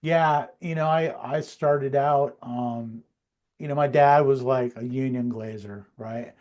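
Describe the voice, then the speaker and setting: A man who works in the glass trade, talking in a relaxed, reflective way on a casual livestream and often trailing off quietly. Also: medium pitch, slow.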